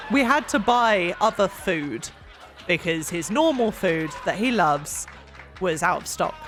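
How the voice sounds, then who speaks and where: Cleaning as she streams, a young English woman chats and rambles with lots of giggles. Her medium-pitched voice carries vocal fry, and her manner is bubbly, giggly and loaded with fillers.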